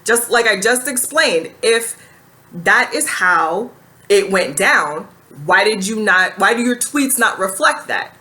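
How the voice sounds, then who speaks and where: A woman talking through a reaction video in a casual, blunt, sassy way. Her voice is crisp and bright, sitting at an ordinary middle pitch. She keeps firing off pointed rhetorical questions. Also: animated, slow pace. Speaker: YouTube reaction commentator.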